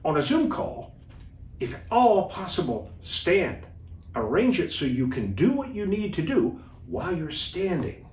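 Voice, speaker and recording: A man coaching viewers as a communication trainer in an instructional video talk, deliberate and animated. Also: sits high. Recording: echoey room, distant mic.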